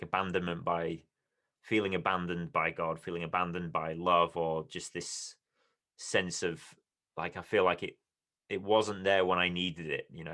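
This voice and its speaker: A man hosting a podcast, asking hesitant, gentle questions. His voice sits very low and he keeps it quiet and unhurried. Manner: soft-spoken, tentative questions. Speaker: podcast host. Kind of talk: casual interview.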